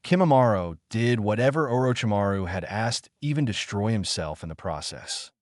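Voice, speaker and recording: A calm young sand fighter who speaks in a level monotone, read by a man. The voice stays low and even in a dry, close storybook reading. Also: normal speed, no echo, close to an everyday voice. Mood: earnest.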